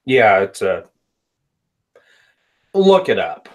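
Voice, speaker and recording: A man's voice: on the low side, sing-song, extremely slow. A man co-hosting a casual stream, blunt and dismissive, with frequent swearing. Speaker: co-host.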